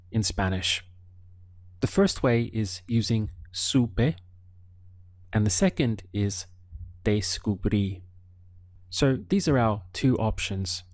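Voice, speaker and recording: Slow, deep-voiced man teaching Spanish. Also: darkish tone, no room sound, clean studio sound. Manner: slow, deliberate explaining with careful word-by-word modeling. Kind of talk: online language lesson.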